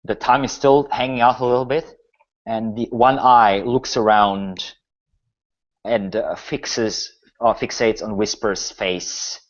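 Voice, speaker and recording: A man narrating a tabletop game as game master in a slow, low, deliberate way. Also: fairly even intonation, dull audio.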